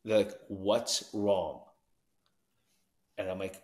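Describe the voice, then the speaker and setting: Animated storytelling man, roomy sound. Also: lowish voice, takes it slowly, pauses often. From New Jersey. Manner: animated, acts out quoted dialogue, frequent "you know what I mean". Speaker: podcast guest, recovery coach. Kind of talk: storytelling in conversation.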